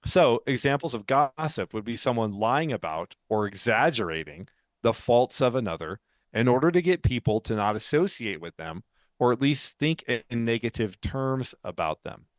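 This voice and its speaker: A man's voice: medium pitch, animated, normal speed, dry recording. Man, podcast co-host, casual explanatory chat, laughs often, dry close sound.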